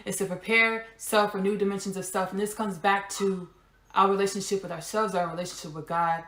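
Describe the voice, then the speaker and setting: A woman hosting a spiritual podcast, talking alone in a roomy, echoing space. She repeats her key lines again and again for emphasis and slips in casual, offhand asides. Her voice sits at a middle pitch. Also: little pitch movement, brisk, a bit bright. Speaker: podcast host. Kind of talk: spiritual monologue.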